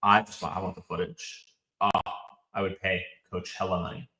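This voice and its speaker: An animated, opinionated man from North Carolina, speaking as a podcast guest. His voice is a bit low. The room adds a noticeable echo. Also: moderate pace. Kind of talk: casual political chat.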